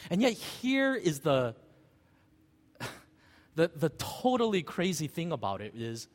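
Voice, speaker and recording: A middle-aged male pastor preaching with a lively, swooping delivery and a fairly high voice. His storytelling leans on rhetorical questions. The sound rings with a long church-hall reverb. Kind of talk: sermon.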